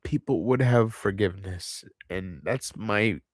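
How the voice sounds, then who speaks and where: A man speaking in an unscripted confessional monologue to his viewers, halting and heavy, often restarting and trailing off. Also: on the low side, husky, no room sound, clean studio sound. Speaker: channel host.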